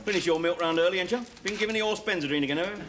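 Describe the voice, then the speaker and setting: Sitcom, 1970s: man as wisecracking middle-aged ex-lag, higher-pitched, teasing. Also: very fast, close to an everyday voice. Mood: wry, bantering. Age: 40s. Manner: sardonic, teasing banter. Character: wry wisecracking middle-aged ex-con father. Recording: noisy 1970s TV soundtrack.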